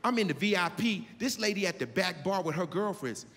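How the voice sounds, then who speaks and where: A male stand-up comedian telling a story on stage in a loud, punchy, high-energy way. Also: expressive, brisk, soft background music. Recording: live club hall with loud crowd.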